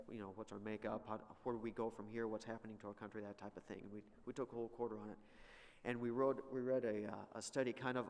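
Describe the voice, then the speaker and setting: Man, Bible lesson teacher, conversational, sarcastic asides, mid-pitched voice, long hall reverb. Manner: conversational, sarcastic asides, rising emphatic retellings. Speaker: Sunday school teacher. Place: church room.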